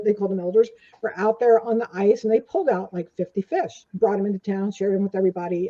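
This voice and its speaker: Mellow husky-voiced older woman. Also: on the high side. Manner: rambling anecdotes with many fillers. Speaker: guest. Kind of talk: casual storytelling interview. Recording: dull lo-fi audio.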